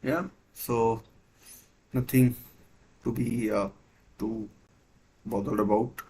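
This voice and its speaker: A man's voice: mid-range voice, steady tone, takes it slowly, darkish tone, a little hiss or hum, poor audio. A man hosting a live football watchalong, giving hesitant play-by-play with many fillers and restarts. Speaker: watchalong host. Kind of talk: live match commentary watchalong.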